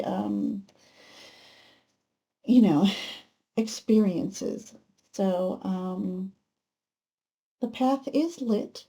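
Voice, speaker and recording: A woman giving a pick-a-card tarot reading, talking gently and spiritually with many pauses and fillers. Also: mid-range voice, gravelly. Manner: gentle, unhurried, spiritual musing with many ums. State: emotional, close to tears at times. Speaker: tarot reader.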